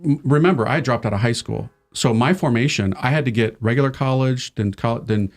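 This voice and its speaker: An American man, a priest, speaking as a guest on a podcast in a mid-pitched voice. He tells stories animatedly, jumping into the voices of the people he quotes. The talk is loose and conversational. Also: brisk. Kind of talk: casual conversation.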